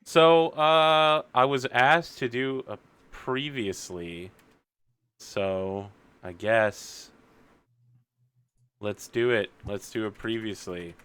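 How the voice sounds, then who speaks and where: A man running a tabletop game as game master, giving a jokey rapid recap of the last session. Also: mid-range voice, fairly bright tone, clean tone. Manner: jokey rapid recap, mocking voices of characters.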